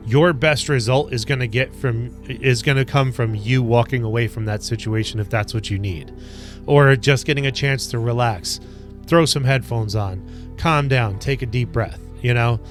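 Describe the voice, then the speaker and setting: A man talking to camera about handling anger, earnest and rambling, slow and deliberate, with many ums and you-knows. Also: medium pitch, fairly bright tone, soft background music. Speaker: wellness coach. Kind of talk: self-help talk to camera.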